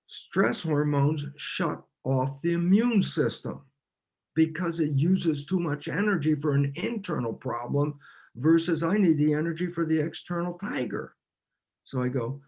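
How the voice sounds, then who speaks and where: An older man being interviewed as a biologist, explaining animatedly and acting out little back-and-forth dialogues with himself, often with quick laughs. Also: a little high, animated, darkish tone, breathy edge. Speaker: guest biologist.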